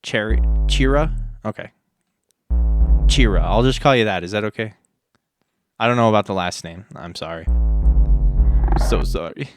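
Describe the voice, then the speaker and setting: A man's voice: on the low side, normal speed, pauses often, music in the background. A man chatting casually with viewers on a live stream, rambling and self-deprecating. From United States.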